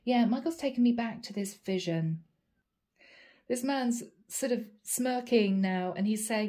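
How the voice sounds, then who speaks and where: Woman, psychic tarot reader, chatty, tentative, thinking aloud, warm mellow voice. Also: fairly high pitch, unhurried. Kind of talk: channeled tarot reading video.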